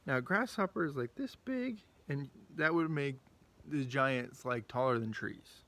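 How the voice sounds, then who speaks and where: Brief: male children's ministry leader, casual animated storyteller, mid-range voice. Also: mid-range voice, unhurried. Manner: animated storytelling, acting out quotes; chatty, with frequent asides. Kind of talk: children's Bible lesson.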